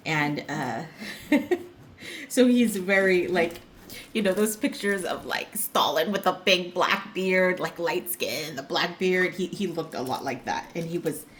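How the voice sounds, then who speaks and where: Her voice is on the low side, and slight background noise can be heard. She's a middle-aged crafting vlogger talking casually at home as she crafts, telling rambling stories with plenty of fillers and little laughs.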